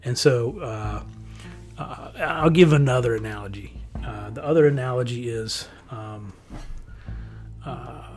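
A man's voice: mid-range voice, a little slow, darkish tone, soft background music. Rambling, chuckling man in casual monologue. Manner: rambling and conversational, with frequent chuckles.

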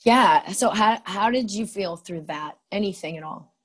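A woman leading a tapping exercise in a podcast interview, giving soothing step-by-step instructions with lively asides. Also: medium pitch, unhurried. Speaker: practitioner guest. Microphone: podcast microphone.

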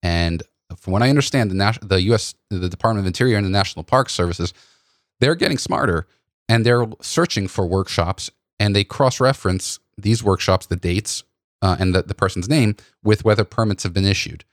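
A man hosting a podcast about photography workshops, telling stories in an animated way with many restarts. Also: fairly low pitch, brisk, no echo, clean studio sound. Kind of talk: casual conversational storytelling.

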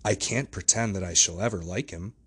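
A steady, trustworthy lawyer, firm and reassuring, with a deep, husky tone, as a man reads him in a storybook audiobook. He sounds much like the reader's own voice. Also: brisk.

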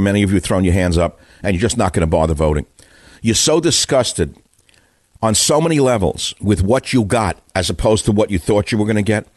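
A man in his seventies delivering an opinionated, rambling radio monologue with a sardonic edge. His voice sits on the lower side, recorded close and dry on a studio microphone. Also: dry recording. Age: 70s. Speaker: talk radio host.

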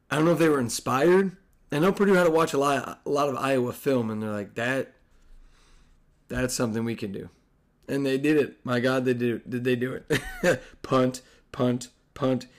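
A hoarse man hosting a casual sports podcast, excitable and profane, rambling with restarts. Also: medium pitch. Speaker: podcast host.

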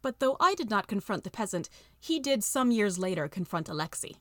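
A woman reading a story aloud with steady, expressive narration. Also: mid-range voice, brisk, no room sound, studio quality. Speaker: audiobook reader.

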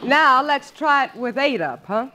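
A woman playing the patient wife in a 1940s radio comedy, gentle and lightly teasing. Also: high-pitched, animated, a little slow, slight background noise.

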